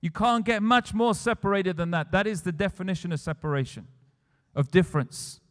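A man's voice: high-pitched, fairly quick. A man preaching a sermon, retelling scripture scenes and building to emphatic declarations. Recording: long church hall reverb.

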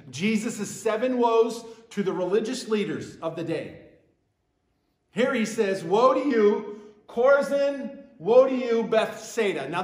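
A man preaching a sermon with emphatic delivery, repeating key phrases and swelling louder on them. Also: high voice, reverberant. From western New York. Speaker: pastor.

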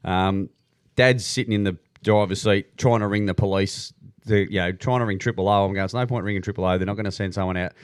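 An Australian man telling a story in casual chat on a radio show, acting out the quotes with lively energy. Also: lowish voice, quick pace, smooth, no echo, studio quality. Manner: animated, acts out quotes.

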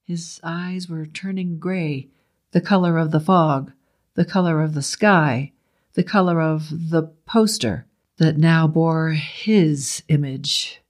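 A man narrating a first-person horror story in a steady, measured way. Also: fairly high pitch.

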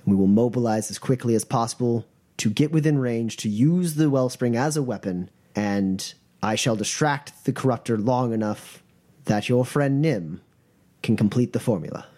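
A man's voice: mid-range voice, moderate pace, mellow, natural voice. Man voicing a grave old grandmaster. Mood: solemn. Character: solemn elderly grandmaster, grave and resolute.

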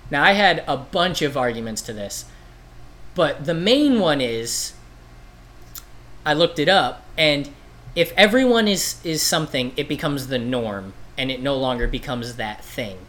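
A podcast guest spins a comic yarn in relaxed conversation, rambling, swearing and voicing each character himself. He speaks at medium pitch, expressively and without hurry, with a slightly bright tone.

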